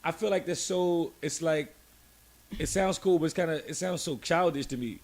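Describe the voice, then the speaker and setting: A man's voice: a little high, normal speed, a little mellow. A man hosting a casual podcast chat, loose and joking, with stammered restarts. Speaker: podcast host.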